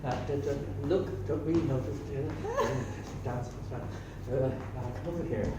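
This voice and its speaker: A man's voice: medium pitch, a little slow. An Irish man in his sixties doing rambling, self-mocking stand-up comedy on a small stage. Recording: echoey room, distant mic, faint hum.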